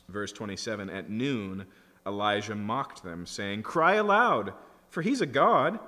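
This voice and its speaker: A man's voice: fairly low pitch, fairly bright tone. Preaching man in a reverberant hall. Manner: expository preaching, reads scripture then comments with mild humor. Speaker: pastor. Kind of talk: sermon.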